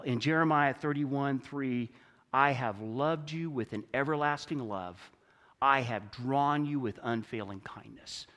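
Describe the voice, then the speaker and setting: A man preaching a conversational sermon in a church, swinging between loud emphatic stretches and quiet low ones. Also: long reverb tail. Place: church sanctuary.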